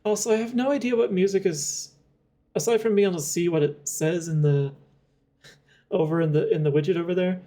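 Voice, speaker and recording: Chatting loosely as they play, a young adult game streamer laughs a lot and thinks aloud, full of fillers and tangents. Their mellow, mid-range voice runs a little fast.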